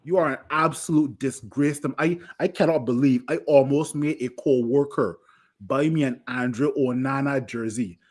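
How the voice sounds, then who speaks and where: Furious swearing football fan. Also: male voice, medium pitch, normal speed, a little mellow. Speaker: fan panelist. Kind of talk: angry fan rant on a podcast.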